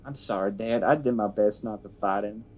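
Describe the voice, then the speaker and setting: A man's voice: lowish voice, brisk, darkish tone, close to an everyday voice. A man voicing a flustered, politely stammering teenage boy in a tabletop game. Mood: tearful. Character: clumsy teenage boy, pacifist, easily rattled.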